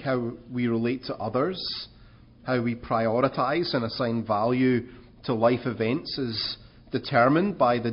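A man's voice: mid-range voice, husky, lo-fi sound. A man preaching a sermon in an earnest way, asking rhetorical questions and rising in emphasis.

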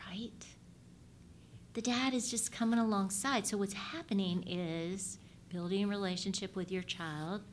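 A middle-aged woman at a medium pitch, teaching about parenting with an animated manner. She often turns to ask her listeners questions and swings between loud and hushed delivery, with a faint low rumble behind her. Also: normal speed. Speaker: parenting speaker. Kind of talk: teaching talk.

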